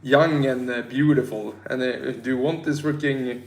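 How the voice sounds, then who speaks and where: A man's voice: medium pitch, steady tone, normal speed, echoey room. A tipsy man from Sweden with a Swedish accent, chatting casually on a livestream and reading out chat in a rambling, slangy, self-mocking way.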